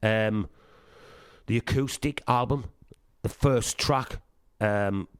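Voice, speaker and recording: A middle-aged man with a Northeast English Sunderland accent, a punk singer telling lively anecdotes in a casual interview, acting out quoted dialogue and swearing freely. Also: lowish voice, slow, smooth, no room sound, studio quality. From Sunderland, England. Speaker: punk band singer, guest.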